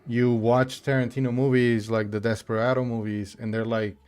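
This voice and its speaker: A man's voice: mid-range voice, level tone, normal speed, a little mellow, clean tone. A man from Mexico chatting casually while streaming a game, rambling with many fillers and restarts. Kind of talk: casual chat while gaming.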